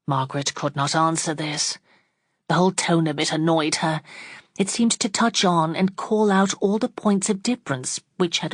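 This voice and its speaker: A woman narrating a classic novel audiobook in a steady, unhurried reading on a close mic. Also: on the low side, no room sound.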